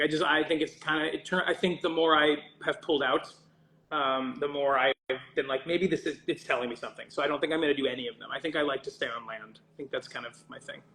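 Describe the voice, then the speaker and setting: A man's voice: a little high, fairly quick, pushed and bright, echoey room. A man chatting casually on a livestream as he signs autographs for fans. He rambles, interrupts himself and swears jokingly. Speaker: voice actor signing autographs for fans.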